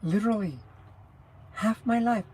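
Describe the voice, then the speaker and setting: A woman's voice: mid-range voice, a little slow, a little mellow. A woman in her sixties from New Mexico with a scratchy, rattly voice, chatting casually and rambling on a livestream. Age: 60s. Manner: rambling, loses her train of thought, laughs often. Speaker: livestream host, truck driver.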